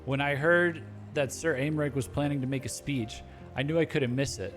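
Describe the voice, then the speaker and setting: A man's voice: mid-range voice, moderate pace, soft background music, close to an everyday voice. A man reading out the lines of an eager common townsperson in a fantasy game, in chatty, folksy speech. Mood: admiring.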